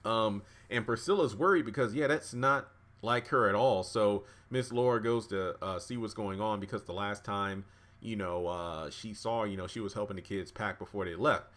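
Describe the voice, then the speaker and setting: Man, lowish voice, casual TV recap, chatty, lots of ums and uhs. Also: normal speed. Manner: relaxed, chatty, acts out dialogue with many fillers. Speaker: YouTube TV reviewer.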